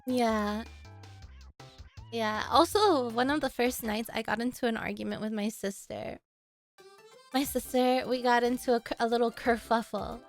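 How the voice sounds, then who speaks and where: High-voiced young woman telling stories to chat. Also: a little slow, faint music behind. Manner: animated, acts out quoted lines with big pitch jumps and laughs. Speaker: streamer. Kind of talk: casual storytelling to chat.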